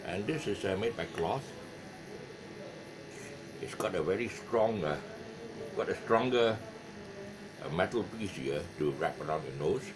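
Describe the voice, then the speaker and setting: A man with a Malaysian English accent, talking his way through a guitar lesson in loose, rambling chat full of "uh"s and restarts. His fairly low voice rises and falls a lot. Clear background noise sits under the recording. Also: lively intonation, a little slow, long pauses. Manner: rambling, hesitant, many fillers and restarts. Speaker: guitar teacher. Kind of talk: casual video lesson talk. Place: his music shop.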